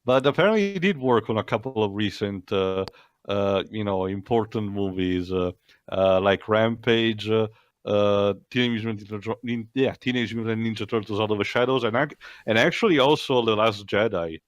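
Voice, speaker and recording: A man co-hosting a casual movie commentary, halting with lots of fillers and restarts. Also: fairly low pitch, no echo. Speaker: podcast co-host.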